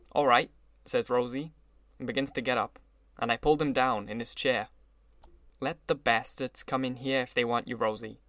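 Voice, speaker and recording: A man voicing a gloomy, sentimental older gangster, speaking slowly and with heavy emphasis. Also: medium pitch, fairly bright tone, no room sound, natural voice. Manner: brooding, slow, emphatic.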